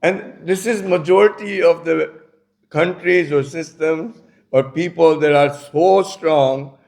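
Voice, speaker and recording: A man's voice: on the high side, slow pace, gravelly, darkish tone. A man delivering a conversational religious lecture, telling stories with many casual asides. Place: community centre lecture.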